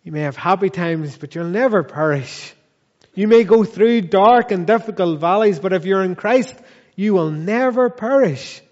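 Male pastor, high-pitched, deliberate sermon delivery, echoey church recording. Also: a little mellow, highs cut off. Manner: earnest, measured preaching with repeated questions and slow emphatic phrases.

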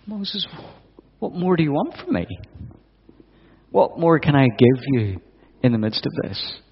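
An exasperated God pushes back at someone who will not take the job, voiced by a male preacher. The voice is gravelly and the questions come thick and fast. The sound is dull and lo-fi, with a long reverb tail from a big hall. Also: medium pitch, expressive. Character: God, male, weary and exasperated with a reluctant servant.

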